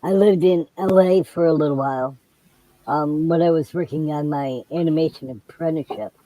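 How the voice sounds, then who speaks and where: A man's voice: fairly high pitch, moderate pace, dark tone, rough recording. An older man in casual chat, plain-spoken, stopping and restarting his thoughts.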